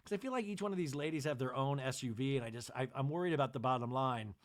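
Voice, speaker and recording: A man's voice: mid-range voice, expressive, fast. A man from New Jersey hosting a comedy podcast, recapping a TV episode in a rambling, sarcastic way full of asides. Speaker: podcast host.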